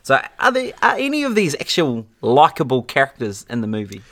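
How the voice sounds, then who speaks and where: A man hosting a loose movie chat after a few drinks, his voice sitting at an ordinary middle pitch. He laughs easily, swears freely and keeps the talk moving with his next question. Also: wildly swooping pitch, brisk, sharp tone. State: drunk. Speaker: podcast host asking the questions. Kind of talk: casual drunk movie chat.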